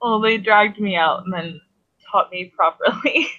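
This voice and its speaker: A man with a high voice plays a bashful young woman who stumbles over her words, full of fillers and restarts. Her voice sits high. The recording is muffled and lo-fi. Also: sharp tone. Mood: sheepish. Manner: hesitant, halting with fillers and laughs. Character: shy young woman, awkward, new to the place. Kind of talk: tabletop role-play in character.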